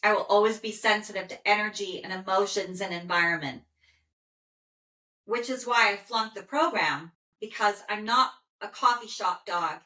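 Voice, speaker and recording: A woman working as an animal communicator, calmly relaying a dog's messages in first person and pausing often with "okay". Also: medium pitch. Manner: calm, soothing, with frequent "okay" pauses. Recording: roomy echo.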